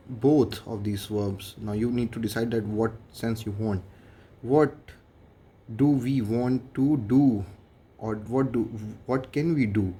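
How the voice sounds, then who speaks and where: A man's voice: mid-range voice, dark tone, a little hiss or hum. A man with an Indian English accent, a French teacher explaining grammar methodically and translating each example line by line.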